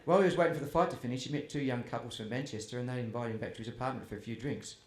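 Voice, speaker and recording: An author at a festival tells funny stories about his family to a live audience, chatty and self-deprecating. His mid-range voice moves very fast, recorded in a roomy tent or hall with faint ambience.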